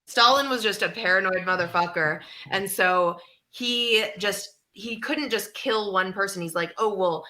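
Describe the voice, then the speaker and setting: A woman's voice: medium pitch, a little slow, bright, forceful tone. A woman co-hosting a comedy podcast, chatting casually and wryly, rambling through stories over a remote call. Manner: wry, rambling storyteller. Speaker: podcast co-host. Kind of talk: casual chat. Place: home in Mexico City.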